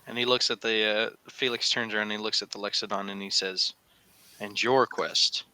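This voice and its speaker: Forceful, bright-voiced man narrating a game. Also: on the low side, fast talker, clean tone. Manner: animated storytelling with frequent fillers. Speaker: game master.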